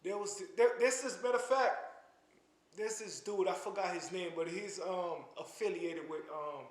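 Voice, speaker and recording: A man speaks in a fairly high voice, lecturing with real passion and tripping over repeated words as he pushes his point. The sound carries a noticeable room echo, as if recorded in a bare space. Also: moderate pace. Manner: impassioned, stammering restarts, preachy. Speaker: commentary channel host. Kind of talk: casual spoken commentary to camera.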